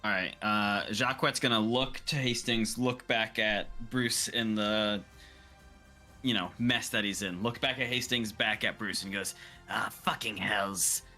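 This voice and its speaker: Slow-talking man with a bright voice. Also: lowish voice, fairly even intonation, soft background music. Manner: hesitant, thinking aloud. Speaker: player. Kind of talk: playing a tabletop game.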